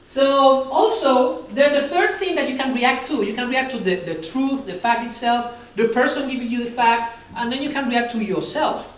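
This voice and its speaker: A conference speaker giving a live talk to an audience, animated and acting out quoted dialogue with humor. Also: mid-range voice, moderate pace, few pauses. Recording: roomy, distant hall recording with faint noise.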